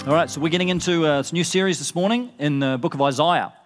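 Casual male preacher, chatty delivery, somewhat higher pitch, recorded in an echoing church hall. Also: fast talker, music in the background. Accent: non-American English. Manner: casual, chatty, with frequent fillers and restarts. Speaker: pastor. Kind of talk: sermon.

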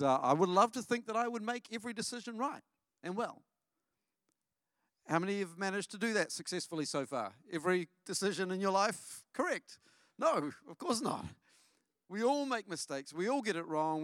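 A middle-aged man's voice, on the high side, comes through clean studio sound with no room sound. Preaching as a pastor at church, he shares family stories and livens things up by questioning the congregation.

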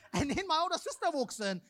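A young man preaching a sermon, praying and then telling a personal story in an animated way. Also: extremely high pitch, brisk, dry recording. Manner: animated storyteller, acts out quoted voices.

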